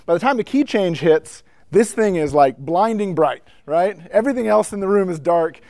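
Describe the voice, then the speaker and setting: Man telling a story to church musicians, slightly high voice. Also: normal speed, no echo, studio quality. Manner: storytelling, frequent asides, builds up excitement. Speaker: speaker addressing church musicians. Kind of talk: conversational teaching talk. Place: indoor room with a whiteboard.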